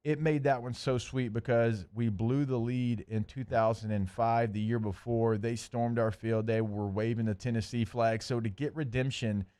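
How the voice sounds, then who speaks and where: A man co-hosting a sports radio show, telling animated stories about past games with lots of "like". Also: mid-range voice, moderate pace, hardly any pauses, clear, resonant tone. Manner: animated storytelling, fillers like "like". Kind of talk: casual sports radio chat.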